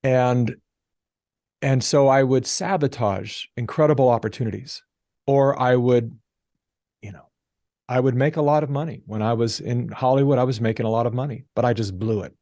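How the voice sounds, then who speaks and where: Animated male storyteller, dry close mic. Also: mid-range voice, moderate pace, no echo. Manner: animated storyteller, acts out quoted voices. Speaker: podcast guest. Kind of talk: casual storytelling interview.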